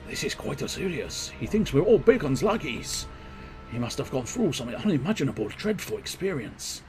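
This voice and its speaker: A man's voice: mid-range voice, very animated, normal speed, darkish tone. A man chatting casually while streaming a game, joking about his own character voices. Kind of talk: casual live game commentary. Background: game music.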